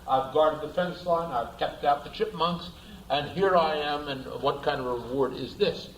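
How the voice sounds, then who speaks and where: A man's voice: fairly high pitch, normal speed, roomy sound, close to an everyday voice, low-quality recording. A man voicing a bewildered male pet dog who pleads indignantly that he has been wronged.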